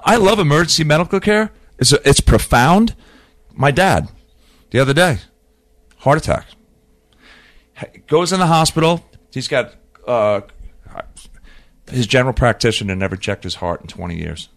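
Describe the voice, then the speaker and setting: A man on a podcast, talking casually as an animated storyteller who often repeats and restarts his words. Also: medium pitch, moderate pace, pauses often. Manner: animated storyteller who acts out quoted dialogue. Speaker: podcast guest. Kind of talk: casual conversation.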